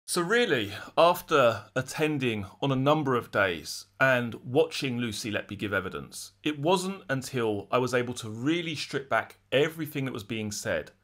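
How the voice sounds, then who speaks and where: A man's voice: medium pitch, normal speed, few pauses. A man, recounting a courtroom trial he attended in a chatty, conversational way. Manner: conversational, lively re-enactment of courtroom exchanges. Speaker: true crime vlogger. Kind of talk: casual spoken recounting.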